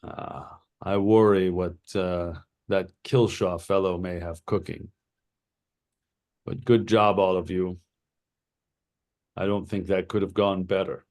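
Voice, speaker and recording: A weathered former war captain talks plainly and gravely, as the game master puts him on. His voice sits low and unhurried in a tabletop game. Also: fairly even intonation, darkish tone. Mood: earnest.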